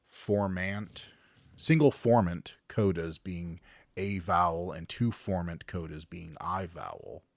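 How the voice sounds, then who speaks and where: A man's voice: deep voice, gravelly, a bit bright, no echo. A man co-hosting a podcast, reading a science article aloud and stumbling over words, then joking with friends. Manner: reads articles then jokes, slips on words. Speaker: podcast co-host. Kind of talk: casual chat, reading news aloud.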